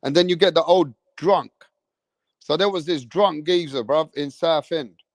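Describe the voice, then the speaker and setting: High-voiced man telling rambling stories. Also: a little slow, no room sound, clean studio sound. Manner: animated, swears a lot, tags lines with "bruv". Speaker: live stream host. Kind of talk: rambling storytelling.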